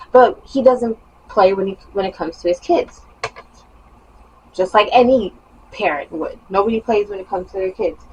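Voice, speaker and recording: A young woman vlogger telling a personal story in a casual, animated monologue with emphatic rising bursts. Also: fairly high pitch, slight background noise, rough recording.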